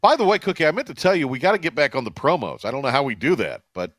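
A man hosting a casual sports radio show, talking in a rambling, halting way with many fillers and restarts. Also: medium pitch, sing-song, a bit bright, dry recording.

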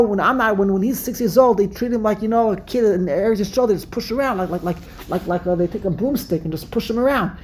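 A woman from Brooklyn with a Brooklyn accent, giving a religious lesson with an animated storyteller's habit of repeating and restarting phrases. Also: mid-range voice, fairly quick, few pauses, poor audio. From Brooklyn, USA. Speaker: religious teacher. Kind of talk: Passover lesson talk.

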